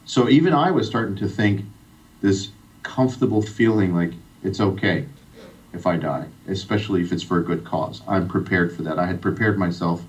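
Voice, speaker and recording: A man's voice: deep voice, moderate pace. Earnest man from Iran telling his story. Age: middle-aged. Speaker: guest. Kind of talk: personal storytelling interview. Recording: distant, dull radio sound.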